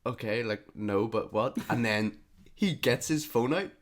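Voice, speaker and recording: A man's voice: medium pitch, unhurried. A young man co-hosting a podcast, telling a long story casually and acting out the other people's lines. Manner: animated anecdote teller who acts out the other people's lines. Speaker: podcast co-host.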